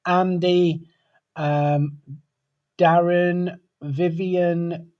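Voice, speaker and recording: Male webcast host, slightly high voice, casual and chatty. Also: flat delivery, very slow, a little mellow, highs cut off. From United Kingdom. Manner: chatty, greets viewers by name. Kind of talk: live webcast chat.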